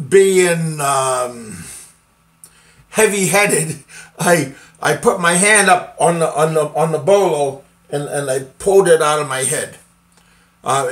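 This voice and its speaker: A middle-aged man from the United States recounts a personal story at a slow, unhurried pace. His voice sits a little high for a man. He stops and restarts often, filling the gaps with ums and uhs. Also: a bit bright. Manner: halting, many fillers and restarts, occasional laughs. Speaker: vlogger telling a personal story. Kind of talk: casual first-person storytelling.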